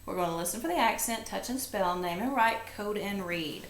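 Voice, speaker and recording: A woman's voice: medium pitch, a little hiss or hum. A woman teaching a phonics lesson, patiently going through the steps one at a time. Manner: slow, patient, step-by-step instruction. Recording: echoey classroom, faint ambience.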